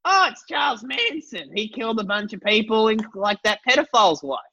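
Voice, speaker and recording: A man playing an excitable pawn shop owner in an improvised comedy sketch. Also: high-pitched, a little fast, full character voice. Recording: dull lo-fi audio.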